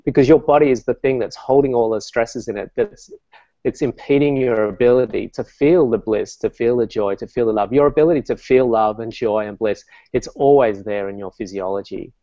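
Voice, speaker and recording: A man, a meditation coach talking calmly and telling stories as an interview guest, with many fillers. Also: medium pitch, a little fast, dry recording, lo-fi sound. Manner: calm, storytelling, many fillers.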